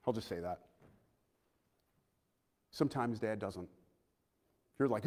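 A man preaching a sermon as pastor, dropping into soft confiding asides, then rising to loud fervent preaching and calling out for amens. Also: lowish voice, moderate pace, pauses often. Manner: calls out for amens from the congregation. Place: outdoor service by a pond. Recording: long hall reverb.

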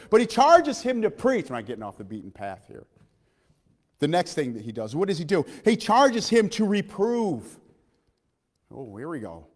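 A man preaching a sermon in a church, impassioned, swinging from loud calls to hushed asides and asking his listeners questions. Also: medium pitch, long reverb tail.

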